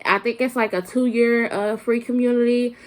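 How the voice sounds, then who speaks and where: A young adult vlogger, born in Flint, Michigan and raised in Arkansas, chats casually to camera with a slight Southern country accent. She rambles with lots of fillers and restarts, in a steady, higher-pitched voice at normal speed.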